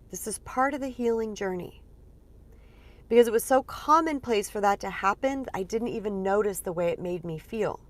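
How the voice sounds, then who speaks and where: Earnest woman coach with a lively voice. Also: medium pitch. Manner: earnest, lively, uses many fillers. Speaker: spiritual empowerment coach. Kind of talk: casual teaching monologue.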